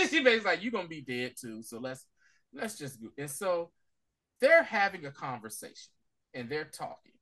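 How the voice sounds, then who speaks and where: Co-host with a lively, swooping voice; casual, playful recap. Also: mid-range voice, moderate pace. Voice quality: animated, playful voicing of characters. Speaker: podcast co-host.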